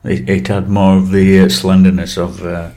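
Male podcast co-host, low-ish voice, rambling and crude, laughs often. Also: little pitch movement, moderate pace, mellow. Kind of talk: casual chat.

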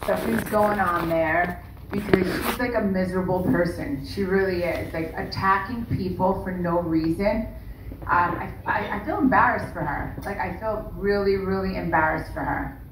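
A woman's voice: lowish voice, normal speed. Woman, podcast co-host, blunt, profane, distant mic, echoey room, faint background noise. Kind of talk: casual podcast chat.

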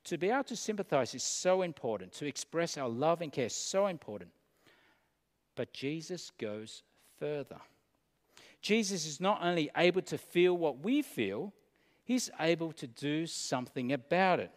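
A man preaching a sermon, earnest and deliberate, pausing between phrases. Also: fairly high pitch, sing-song, long reverb tail.

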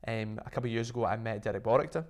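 A man's voice: fairly low pitch, rapid-fire. Chatty male guest telling stories. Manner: animated storytelling, full of "like" fillers. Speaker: interview guest, business owner. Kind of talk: casual interview chat.

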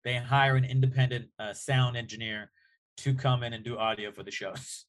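A man, a comedian guest on a podcast, telling an animated, profane anecdote in casual chat. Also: mid-range voice, moderate pace.

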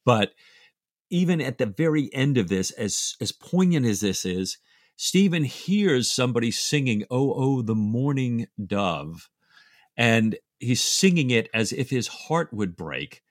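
A man co-hosting a book discussion podcast, talking in a reflective, emotional way with halting restarts. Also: medium pitch, very animated, no room sound, studio quality. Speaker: podcast co-host.

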